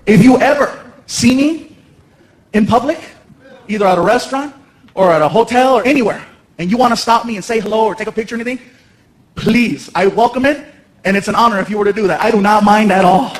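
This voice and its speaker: A man in his thirties doing stand-up comedy in a large theater on a handheld mic, playful and animated, often laughing. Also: sits high, fairly quick, long pauses. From United States. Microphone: handheld stage mic. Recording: roomy theater with loud crowd. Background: loud laughing audience.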